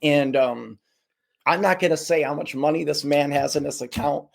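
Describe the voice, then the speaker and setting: Animated male storyteller, slightly high voice. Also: normal speed, creaky. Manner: animated, does voices of people in his stories. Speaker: guest. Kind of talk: casual storytelling.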